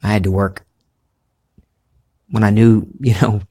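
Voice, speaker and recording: A man's voice: on the low side, flat delivery, unhurried, dark tone. Earnest man with slight Southern accent. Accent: slight Southern American. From American South. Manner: earnest, musing, thinks aloud. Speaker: podcast host. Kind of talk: spiritual monologue.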